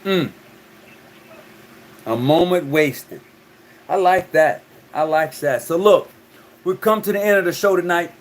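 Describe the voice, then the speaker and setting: A man's voice: a little high, a little slow, pauses often. A man hosting a call-in talk show, talking loosely and often repeating his words.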